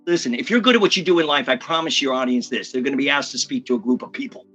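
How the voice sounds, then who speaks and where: A man who works as a communication coach, talking energetically and emphatically in a podcast interview and often slipping into quick impressions. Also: mid-range voice, a bit bright, faint music behind.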